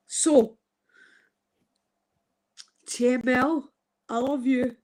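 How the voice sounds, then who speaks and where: Slow, earnest woman in her fifties. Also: fairly high pitch. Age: 50s. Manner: earnest, heartfelt, swears casually. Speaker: guest sharing a personal testimony. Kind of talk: emotional live-stream testimony.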